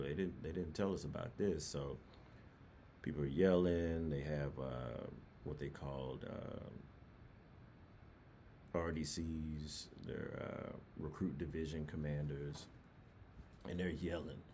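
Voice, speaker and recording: A young man from New Orleans tells a personal story in an easygoing, rambling way. His voice sits very low, with a dark, mellow tone. A faint hiss runs under the recording. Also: fairly even intonation, a little slow, pauses often. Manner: laid-back, rambling with many fillers. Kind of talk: casual storytelling.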